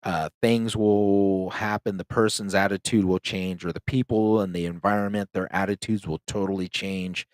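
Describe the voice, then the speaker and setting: A man's voice: sits low, flat delivery, normal speed, few pauses, no room sound. A man hosting a paranormal podcast, telling a ghost story in a loose, rambling way full of "like" and "um,". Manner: loose and rambling, heavy use of "like" and "um". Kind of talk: casual storytelling.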